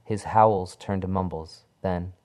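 A man reading a horror story aloud in a dark, measured storytelling manner. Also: deep voice, steady tone. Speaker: narrator.

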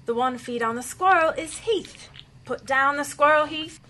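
A woman's voice: sits high, moderate pace, pushed and bright, a little hiss or hum. An actress playing a commanding female cult leader who speaks curtly. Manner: commanding, curt.

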